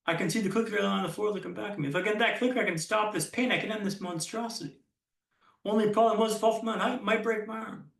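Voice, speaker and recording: A man giving a keynote speech as a storyteller, with punchy lines, dramatic pauses and self-deprecating humor. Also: sits high, fairly even intonation, creaky, fairly bright tone, roomy sound, distant mic. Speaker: keynote speaker. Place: conference hall stage.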